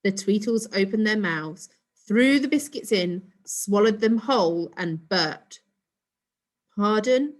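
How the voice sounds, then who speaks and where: A woman reading a children's storybook aloud in an expressive, steady storytelling voice. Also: medium pitch, unhurried. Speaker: storybook reader.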